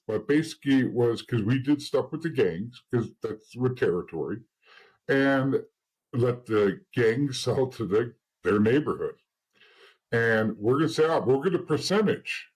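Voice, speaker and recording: A man's voice: medium pitch, darkish tone, slightly rough, low-quality recording. A man in his thirties, an interview guest telling rambling stories, laughing at grim details and restarting his sentences often. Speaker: interview guest, former mob associate turned informant. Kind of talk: casual storytelling in an interview.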